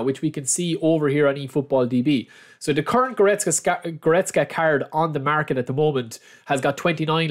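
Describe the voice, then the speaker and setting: A young man giving casual, chatty commentary on a football video game, often calling his viewers lads. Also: fairly high pitch. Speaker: gaming channel host.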